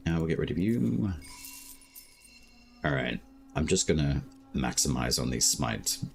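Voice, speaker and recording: An Australian man chatting casually while streaming a game, talking slowly and laid-back with many filler words. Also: a bass voice, big pitch swings, creaky, soft background music. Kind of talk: casual live-stream chat.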